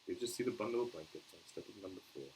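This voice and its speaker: A man's voice: deep voice, rapid-fire, darkish tone, a little hiss or hum, poor audio. A man reading a children's novel aloud in a casual, unpolished way, with small slips and restarts. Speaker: show host reading aloud.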